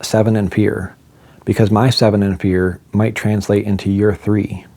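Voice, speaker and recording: Middle-aged man, low mellow voice, chatty self-deprecating storyteller who acts out quoted lines. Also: little pitch movement, moderate pace, gravelly. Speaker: vlogger telling a personal story. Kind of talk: casual storytelling monologue.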